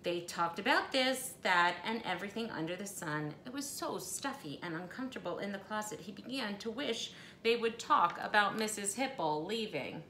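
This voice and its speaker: Casting: animated storybook reader, woman, bright voice, echoey room with faint background hum. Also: medium pitch, moderate pace, hardly any pauses. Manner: expressive, animated storytelling with asides. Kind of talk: storybook read-aloud.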